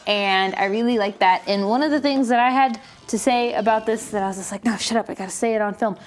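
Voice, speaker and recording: A woman with a slightly raised pitch talks casually on a film podcast. She retells scenes with animated energy and voices the characters' lines as she goes. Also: fast talker. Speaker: podcast guest. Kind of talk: casual chat.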